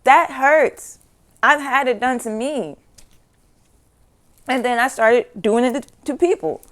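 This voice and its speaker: A woman's voice: sits high, animated, slow, fairly bright tone. A woman giving a casual spiritual teaching talk, loose and conversational, with frequent swearing and asides. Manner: loose and conversational, with frequent swearing and "you know what I'm saying"; breaks into laughter and sing-song asides.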